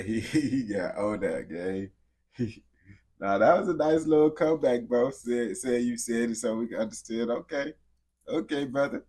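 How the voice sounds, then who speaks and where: A man hosting a casual livestream, speaking straight to his chat in loose street slang. His voice sounds husky and slightly rough. He sits at a mid pitch for a man and laughs his way through the banter. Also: a little mellow.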